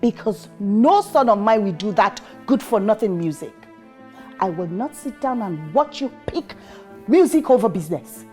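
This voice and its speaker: Stern domineering mother, played by a woman, Nigerian accent, animated pitch, faint film score. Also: moderate pace, soft background music, close to an everyday voice. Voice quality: scolding, forceful. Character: stern domineering religious mother, middle-aged. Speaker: strict mother. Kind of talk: film drama acting.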